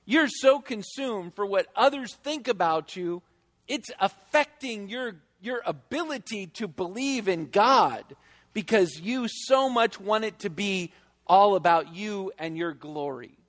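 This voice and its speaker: A man preaching a sermon as pastor, conversational and emphatic, slowing down to stress key phrases. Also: high-pitched, animated, fairly bright tone. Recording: long reverb of a church hall.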